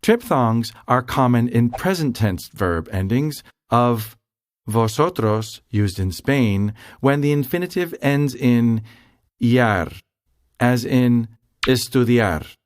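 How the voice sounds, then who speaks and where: A man giving scripted, measured explanations as a language instructor. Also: mid-range voice, expressive, dry recording, studio quality.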